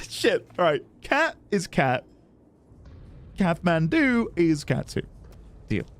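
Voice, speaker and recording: Chatty male streamer, rambles and laughs, very lively pitch, slightly high. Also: takes it slowly. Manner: rambling, laughs often, talks to chat. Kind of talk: casual gaming livestream chat.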